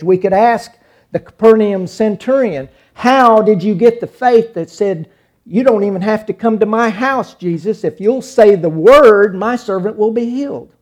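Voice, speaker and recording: A man preaching a sermon in a mellow, dark-toned voice that sits a little high. He is middle-aged and dramatic, dropping to near whispers and then rising to loud cries as he retells scenes. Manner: dramatic, acts out quoted figures with sudden loud cries and hushed lines.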